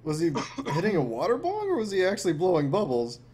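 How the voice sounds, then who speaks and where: A man listening and asking slow, giggly questions in casual chat. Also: high voice, huge pitch swings, a little mellow.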